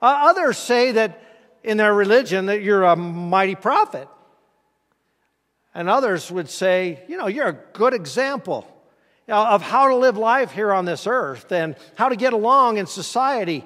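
A male pastor gives a folksy, conversational sermon and pauses to ask his congregation questions. His voice sits noticeably high for a man. The sound carries the long reverb of a church sanctuary. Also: lively intonation, a bit bright.

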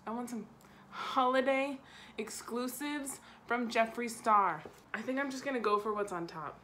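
A young woman chatting excitedly at home as she unboxes makeup, gasping and giggling as she goes. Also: fairly high pitch, normal speed, a little hiss or hum. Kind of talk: excited casual unboxing chat. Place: home room.

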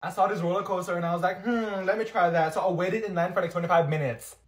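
Dramatic teen schoolgirl done by a man, loud and sassy, raised pitch, comedy sketch. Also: quick pace, echoey room, lightly acted. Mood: excited. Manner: loud, animated storytelling. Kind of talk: comedy skit.

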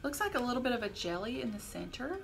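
A middle-aged woman co-hosting a casual tasting vlog with her daughter, upbeat and quick to sound delighted. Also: fairly high pitch, sing-song, creaky, rough recording. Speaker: vlog co-host, mother. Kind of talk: casual chat.

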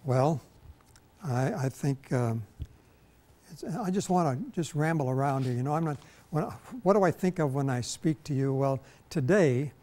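A man preaching a televised sermon as pastor, rambling slowly with many fillers and restarts. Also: fairly high pitch, warm tone. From Minnesota. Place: TV studio.

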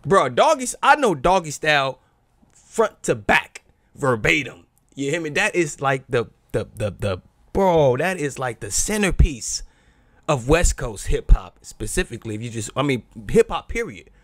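A young adult man hosting a casual reaction video, slangy and animated, bursting into loud exclamations. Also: mid-range voice, a little slow, no echo.

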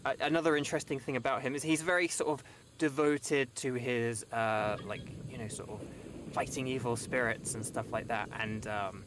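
A man's voice: mid-range voice, fairly even intonation, moderate pace, noisy background. Rambling British man chatting. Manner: rambling, hedging, lots of likes and kind-ofs. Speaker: guest voice actor. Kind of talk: casual chat on a game stream.

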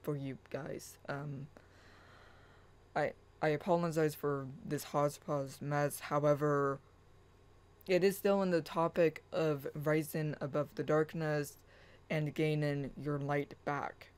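A spiritual channel host speaks in an unhurried, earnest way, at a middling pitch. Their talk drifts between a casual rant and chant-like affirmations read aloud from their own writing. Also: steady tone, smooth, low-quality recording.

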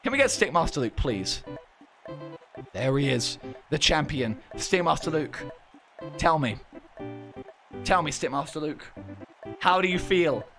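A male streamer, hoarse and run down from hours of talking, with a slightly high voice. He commentates in an excitable, shouty way. Faint music plays underneath him. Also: a little slow, long pauses. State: hoarse, voice worn out. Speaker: streamer and event host.

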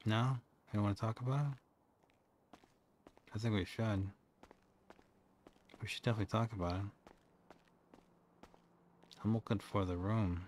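Calm, coaxing man in role-play. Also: fairly low pitch, a little slow, long pauses, slight background noise. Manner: calm, coaxing, dryly joking. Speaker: roleplay police officer. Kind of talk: in-character game role-play.

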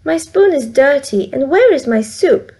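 Brief: woman voicing a friendly bear cub, high chirpy tone, Vietnamese accent, storybook. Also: expressive, measured pace, dark tone. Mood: curious.

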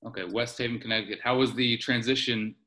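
A man's voice: mid-range voice, fairly even intonation, fast talker, sharp tone. A man hosting a casual interview, asking short follow-up questions. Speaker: interview host.

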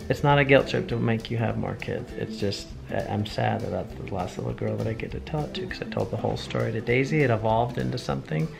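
A man, a father, chatting casually and earnestly in long run-on strings, with a gravelly voice. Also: mid-range voice, quick pace, hardly any pauses, music in the background. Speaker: father and vlogger. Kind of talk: casual chat.

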